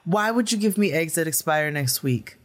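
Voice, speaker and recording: A podcast co-host in casual chat, answering with quick banter and dry humor. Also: mid-range voice, animated.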